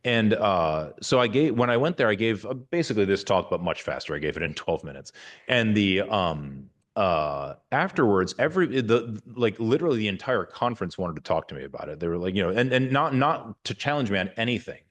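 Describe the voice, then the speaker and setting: A surgeon in his forties gives an informal university talk in a lowish, expressive voice at a brisk pace. He rambles, restarting often and using many fillers, and drops candid, wry asides.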